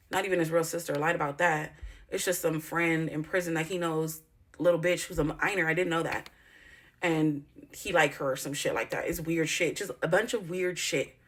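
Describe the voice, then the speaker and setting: A woman's voice: deep voice, fairly bright tone. Blunt, profane woman telling her story. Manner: blunt, profane, rambling storytelling with lots of "like" and "you know"; emphatic, indignant outbursts. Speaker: YouTuber. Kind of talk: candid storytime vlog.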